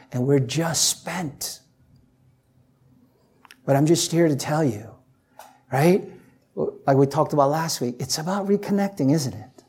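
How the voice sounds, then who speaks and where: A pastor giving a casual, story-driven sermon, leaning on "you know" and swinging from loud to hushed. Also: mid-range voice, husky. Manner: chatty, anecdotal, heavy on "you know". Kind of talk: conversational sermon.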